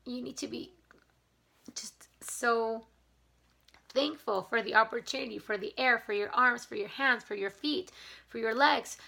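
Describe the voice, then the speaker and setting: Earnest woman vlogger with a gravelly, bright voice. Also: a little high, normal speed. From not from Canada. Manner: earnest, grateful, getting emotional; enthusiastic about mindset and gratitude. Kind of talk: casual chat to camera.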